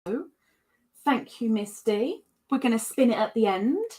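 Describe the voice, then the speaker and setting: A woman's voice: a little high, sing-song, measured pace, dark tone. A woman hosting a livestream, chatting casually and reading out viewer comments in a rambling way. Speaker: livestream host.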